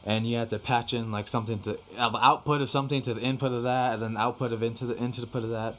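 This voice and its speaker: A man's voice: mid-range voice, fairly even intonation, racing, fairly bright tone, slight background noise. A young man casually chatting on a podcast, rambling with lots of fillers and casual swearing. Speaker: podcast guest telling studio stories. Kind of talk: casual chat.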